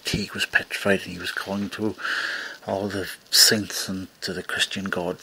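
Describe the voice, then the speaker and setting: A man hosting a show, retelling a folk tale in an unhurried storytelling way. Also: low voice, level tone, gravelly, pushed and bright, slight background noise, poor audio. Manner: unhurried storytelling with small restarts. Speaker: storyteller host.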